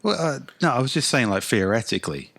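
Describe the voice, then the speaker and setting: A man's voice: medium pitch, sing-song, quick pace, gravelly, fairly bright tone. A man with an English accent, co-hosting a podcast in casual, sweary, wry banter. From England. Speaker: podcast co-host. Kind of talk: casual comedic chat.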